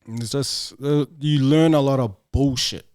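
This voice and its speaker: A man's voice: mid-range voice, normal speed. A man talks bluntly and swears freely as an interview guest. He tells stories in a casual way and keeps slipping into other people's voices. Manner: blunt and profane, animated with quoted voices. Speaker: guest, former rugby player.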